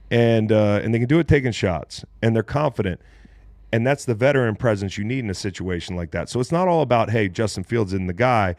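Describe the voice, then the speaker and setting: A man hosting a casual sports talk show, animated and loose, with plenty of slang and the odd swear. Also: mid-range voice, no echo, clean studio sound. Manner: animated, swears casually, says "bro" and "dude". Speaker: podcast host, former NFL player.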